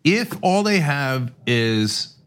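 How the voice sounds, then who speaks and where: A man's voice: mid-range voice, very animated, drawn-out words, fairly bright tone, clear, resonant tone. A male podcast host in casual political chat, explaining at length with sarcastic asides. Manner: explanatory, sarcastic, acts out quoted speech.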